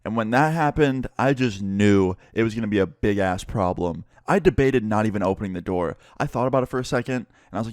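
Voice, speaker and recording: A young man telling a story in a casual, profane and animated vlog style. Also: on the low side, brisk, few pauses, dry recording, clean studio sound. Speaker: vlogger and musician.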